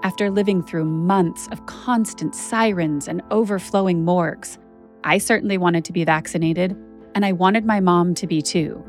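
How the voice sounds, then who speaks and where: A woman's voice: fairly low pitch, normal speed, soft background music. A woman journalist telling a personal story as a podcast narrator, candid and conversational with frequent "like" fillers.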